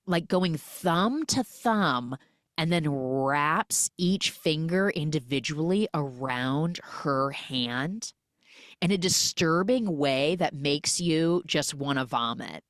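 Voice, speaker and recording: A woman with a low voice speaks slowly in a clean studio recording with no room sound. She hosts a laid-back movie recap podcast, retelling scenes in an animated way, acting out the characters' lines and saying "like" a lot.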